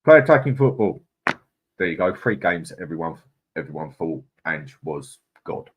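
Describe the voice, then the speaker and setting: A man's voice: low-pitched, very animated, normal speed, slightly rough, lo-fi sound. A man, co-hosting a live stream and reading viewer comments in a blunt, chatty way. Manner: chatty, blunt and opinionated, with frequent "mate" and laughs. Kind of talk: casual live-stream chat.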